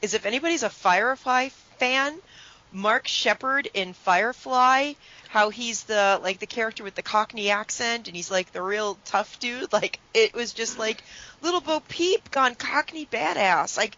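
A woman chats casually with a bright, forceful tone, hedging and rambling through playful theories. The sound is dull and lo-fi. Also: mid-range voice, normal speed. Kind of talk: casual chat.

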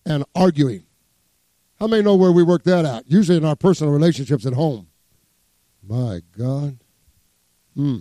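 Male pastor, high voice, joking sermon with soft asides and building emphasis, dry close mic. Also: animated, moderate pace, pauses often, dry recording. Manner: preaching with humor, quoting scripture, swinging between soft asides and rising emphasis.

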